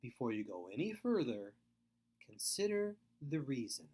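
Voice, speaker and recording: Middle-aged male webinar presenter, earnest and emphatic, very lively pitch. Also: normal speed, husky. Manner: earnest, emphatic, repeats points. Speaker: foster care speaker. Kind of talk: webinar lecture.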